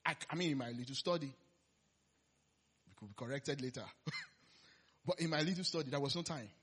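A man delivers a conversational sermon, laughing often and shifting between loud emphasis and quiet asides. His voice is a little high, brisk, and slightly rough.

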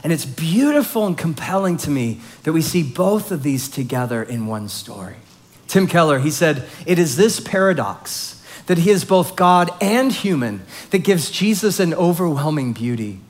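Male pastor, slightly high voice, casual animated sermon delivery. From Southern California. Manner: conversational, animated storytelling with fillers.

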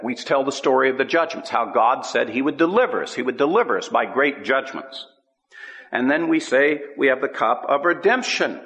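A man preaching a sermon, teaching scripture with an emphatic, drawn-out cadence. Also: medium pitch, a bit bright. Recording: long hall reverb.

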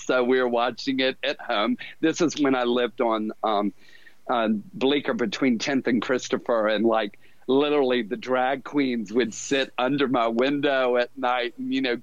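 A middle-aged man spins a casual story as a podcast guest, chatty and quick to laugh. His voice sits at an average pitch, and the recording is dull and lo-fi with no room sound at all. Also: no room sound. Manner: chatty, laughs often, mimics others' voices.

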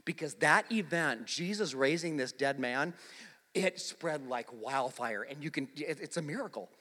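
Bright, high-voiced preacher in an echoing hall. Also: male voice, lively intonation, moderate pace. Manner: dynamic preaching, swinging from shouts to near whispers; repeats phrases for emphasis. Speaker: pastor. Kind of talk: sermon. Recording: long reverb of a large hall.

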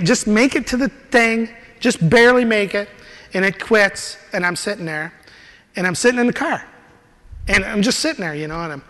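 High-voiced preacher in a reverberant church. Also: male voice. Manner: animated storytelling, laughs while he talks. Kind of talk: sermon with personal testimony.

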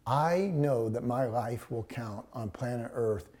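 An older man, a pastor with grandchildren, preaching a sermon, telling a story and then slowing down to stress words, sometimes dropping close to a whisper. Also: mid-range voice, a little mellow. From Texas.

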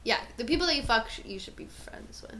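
A woman hosting a podcast in casual chat, playful and quick to laugh. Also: a little high, lively intonation, a bit bright, a little hiss or hum. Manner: laughs often, chatty, playful asides. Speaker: podcast host.

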